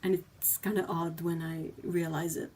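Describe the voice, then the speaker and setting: A French Canadian woman, English not her first language, talks loosely as host of a casual painting livestream. Her voice sits a little low, and she wanders between thoughts with lots of fillers. A faint hiss runs under the audio. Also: level tone, moderate pace, a little mellow. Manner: chatty, rambling with fillers, laughs easily. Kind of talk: casual chat while painting.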